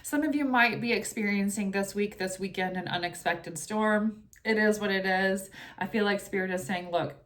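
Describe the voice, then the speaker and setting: A woman's voice: medium pitch, moderate pace, fairly bright tone. A woman doing a tarot reading in a chatty, casual way, full of asides like "you know" and "right?", who also recites short prayers. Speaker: tarot reader.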